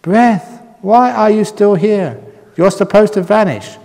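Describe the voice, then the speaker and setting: A man voicing a high, blustering meditator. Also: takes it slowly, vocal fry, a little mellow, big-room sound, heavily acted. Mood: flustered. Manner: blustering, pleading. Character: flustered, bossy meditator.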